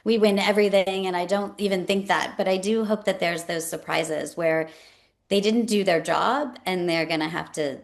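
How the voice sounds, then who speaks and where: A woman hosting a podcast interview, telling stories with lively acted-out quotes and frequent laughter. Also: fairly low pitch, moderate pace, vocal fry. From New York State. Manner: animated storyteller, acts out quotes, laughs often. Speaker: podcast host. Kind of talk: casual conversational interview.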